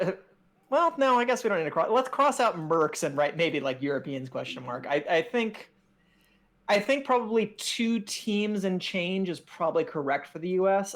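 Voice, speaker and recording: A man co-hosting a casual podcast chat, joking and self-deprecating. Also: on the high side. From United States. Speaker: podcast co-host.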